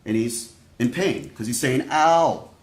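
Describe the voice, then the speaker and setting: A man giving a prosecutor's opening statement to a jury, speaking deliberately and straight to the jurors. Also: mid-range voice, animated. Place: courtroom. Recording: echoey courtroom audio.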